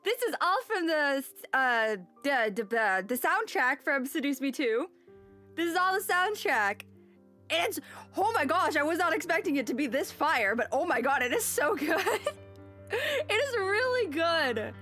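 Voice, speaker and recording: A woman's voice: sits high, sing-song, measured pace, bright, forceful tone. Bubbly, giggly young woman streamer. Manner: bubbly, giggly, reads chat aloud. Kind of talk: casual stream chat. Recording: game music faintly behind.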